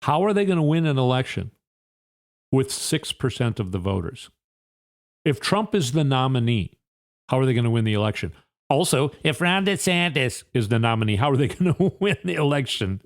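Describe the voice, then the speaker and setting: A man's voice: mid-range voice, big pitch swings, normal speed. Fired-up man hosting political commentary. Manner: fired-up, indignant rhetorical questioning. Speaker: podcast host.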